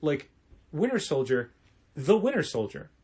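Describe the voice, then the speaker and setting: A man's voice: on the high side, very animated, unhurried, a little mellow, husky. A man co-hosting a comic shop podcast, talking in a chatty, rambling way with lots of restarts. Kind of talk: casual chat.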